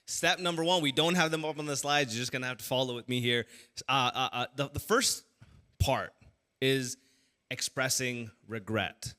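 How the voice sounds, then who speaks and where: A male pastor talking casually to his congregation from the stage. His tone is bright and forceful, and he talks in an animated way, stumbling through fillers and restarts as he goes. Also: mid-range voice, normal speed. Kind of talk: casual teaching talk to a church audience.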